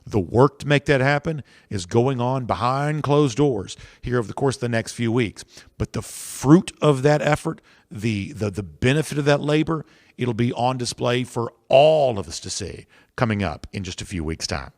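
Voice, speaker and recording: A man hosting a sports podcast, talking in a measured, analytical and emphatic way. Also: medium pitch, expressive, dry recording, clean studio sound. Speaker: podcast host.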